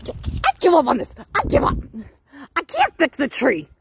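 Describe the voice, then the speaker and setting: Hot-tempered male plumber, voiced by a woman, fairly high voice, mutters then erupts into yelling, homemade plush toy comedy. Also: huge pitch swings, moderate pace, creaky, a little hiss or hum, full character voice. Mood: exasperated. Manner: exasperated, yelling outbursts, mutters to himself.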